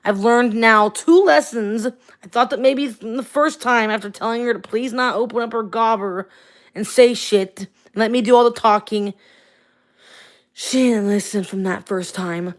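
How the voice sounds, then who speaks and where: A woman ranting angrily and swearing on a late-night livestream, tired and venting, talking to a phone or webcam at home. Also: on the high side. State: tired, up at four in the morning.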